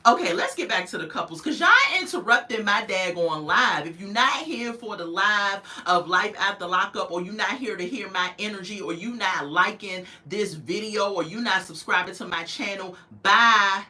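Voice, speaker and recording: A woman's voice: mid-range voice, expressive, moderate pace, hardly any pauses, pushed and bright. A young adult woman from the United States hosting a live review stream, chatty, greeting viewers in the chat and laughing often. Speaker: host of a live reality-show review stream. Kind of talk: casual livestream commentary.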